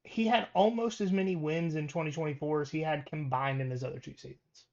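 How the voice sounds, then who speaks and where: A man on a casual sports podcast runs through coaching records, stopping and restarting as he goes. His voice sits a little high for a man. The recording is dull and lo-fi. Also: fairly even intonation, a little fast, gravelly, darkish tone. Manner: reads stats with many ums and restarts. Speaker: podcast co-host.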